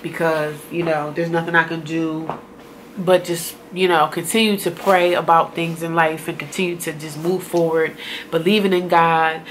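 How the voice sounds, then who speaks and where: A woman with a lowish voice rambles through a casual talk to camera. She sounds heartfelt and emotional, and a faint hiss sits behind her. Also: flat delivery, moderate pace, fairly bright tone. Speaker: vlogger.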